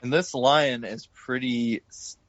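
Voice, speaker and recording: A man hosting a podcast, casually recalling film scenes in a relaxed, rambling way with filler words. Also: mid-range voice, takes it slowly, no echo. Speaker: podcast host. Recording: dull, dry podcast mic.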